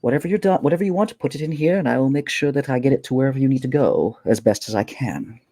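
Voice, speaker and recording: A man's voice: medium pitch, expressive, fast, warm tone, dry recording. A man voicing a gracious, composed woman who runs a bar and fondly calls people "my dear". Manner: addresses others fondly as "my dear".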